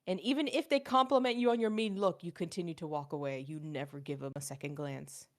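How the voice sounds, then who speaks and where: A woman's voice: lowish voice, fast. A woman guest in a casual chat, playful and teasing, laughing often.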